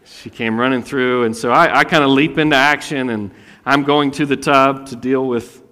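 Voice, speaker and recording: A man in his thirties preaching a sermon, casual and animated, often jumping into high, loud voices to act out the people in his stories. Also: normal speed, in a large hall. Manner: animated, acts out voices with sudden high pitch. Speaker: pastor.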